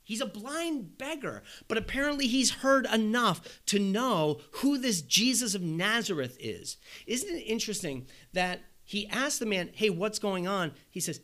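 A man preaching a sermon, animated, asking rhetorical questions and acting out the voices of the people he quotes. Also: sits high. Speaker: pastor.

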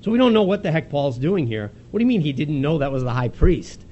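A male preacher talks through a scripture story in a casual, animated way, stumbling and restarting as he goes and laughing now and then. His voice sits fairly high and swings widely in pitch. A faint background hiss runs under the recording. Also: lo-fi sound. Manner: conversational, animated retelling with quick laughs and restarts. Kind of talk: expository sermon.

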